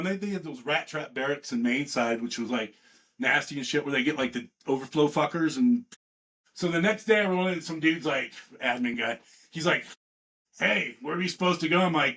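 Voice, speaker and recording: A man in his fifties from California, a veteran guest telling rambling, profane stories in a casual, animated way. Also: on the high side. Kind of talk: casual storytelling.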